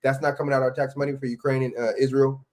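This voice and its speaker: A man at an ordinary middle pitch hosts a livestream and reacts to clips. He rants heatedly and swears freely. He often stumbles over fillers and restarts. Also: flat delivery, very fast, a little mellow. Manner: profane, heated ranting with many fillers. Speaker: livestream host. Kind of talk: casual reaction commentary.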